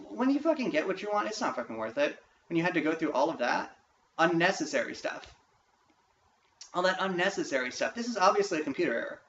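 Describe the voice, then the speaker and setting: A man rants in a profane, emphatic vlog monologue, his voice sitting a little high. He sounds set back from the mic in an echoey room. The recording is dull and lo-fi, with a faint hiss behind him. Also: a bit bright, recorded from a distance. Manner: frustrated, profane, emphatic ranting. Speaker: vlogger.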